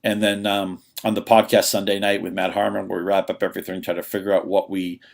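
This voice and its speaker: A man appearing as a fantasy football analyst on a sports radio show, breaking down players in a rapid, analytical way. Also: low-pitched, little pitch movement, vocal fry. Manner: rapid, analytical, with quick restarts. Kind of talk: casual sports radio chat.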